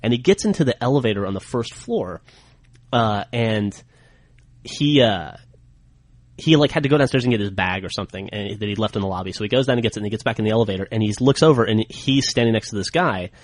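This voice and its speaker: A podcast host who tells his anecdote at a brisk, rapid clip in a mid-range voice. He stays animated and chatty throughout, and the sound is close and dry with no room echo. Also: on the low side. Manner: animated storyteller, quick and chatty. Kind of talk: casual chat, storytelling.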